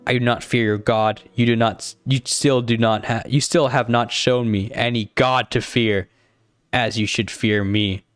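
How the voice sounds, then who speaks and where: A man's voice: mid-range voice, steady tone, unhurried, no room sound, lightly acted. A man voicing a haughty, cruel male king in a dramatic reading, with a pompous, commanding manner. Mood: scornful.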